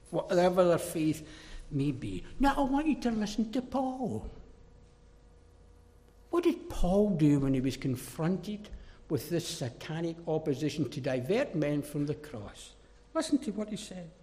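High-voiced emphatic male preacher in a hall. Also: sing-song, unhurried. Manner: emphatic, swings from loud declarations to low mocking asides. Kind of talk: sermon. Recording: reverberant hall.

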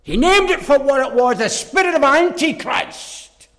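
A man preaching a sermon, emphatic and forceful, dropping into low mocking asides. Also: lively intonation, unhurried. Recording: reverberant hall.

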